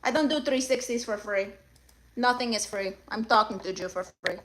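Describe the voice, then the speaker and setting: A woman with Spanish-accented English hosts a livestream, reading viewers' chat messages aloud. Her voice sits high and sounds bright and sharp. She is sassy and teasing, and playfully demands tips and payments. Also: normal speed, a little hiss or hum. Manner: sassy, mock-demanding, greets viewers by name. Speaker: livestream comedian.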